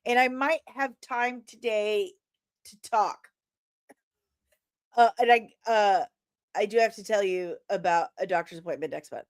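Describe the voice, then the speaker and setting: A sniffly woman with a lingering cough hosting a casual live stream. She greets viewers with loud, sing-song shouts and chats in a playful, teasing way. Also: medium pitch, a little slow, long pauses. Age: adult, old enough to remember films from forty years ago. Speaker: host of a daily pop-culture live show.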